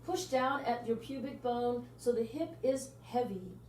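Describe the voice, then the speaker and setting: A pilates instructor with a fairly high, darkish-toned voice guides a workout at an unhurried pace, counting out kicks and stretches with rhythmic cues. She sounds a little far from the mic in a reverberant room, with a faint hum in the background.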